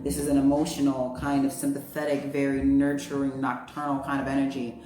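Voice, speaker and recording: An astrology and tarot reader with a very deep, monotone voice speaks briskly while giving a casual spiritual astrology reading. She's chatty and heartfelt, using plenty of fillers and slang, and the recording has a roomy echo with faint music behind.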